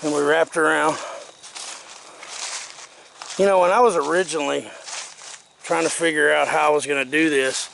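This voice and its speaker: A man's voice: a little high, steady tone, normal speed, vocal fry, long pauses, fairly bright tone, slight background noise. A man vlogging in a casual, folksy and earnest way, out of breath after working. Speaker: outdoor vlogger. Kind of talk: casual vlog talk.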